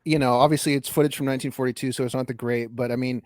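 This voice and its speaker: Co-host, man, relaxed and thoughtful, dry close sound. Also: mid-range voice, rapid-fire, no room sound. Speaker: podcast co-host and voice actor. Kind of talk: casual chat.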